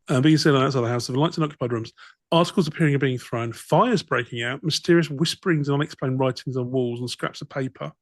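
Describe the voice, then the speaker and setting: A man's voice: medium pitch, dry recording. A man co-hosting a comedy podcast, reading passages aloud and breaking off for wry, dry comments. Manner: dry, wry, reads in bursts then riffs. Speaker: podcast co-host. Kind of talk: reading a document aloud with comic asides.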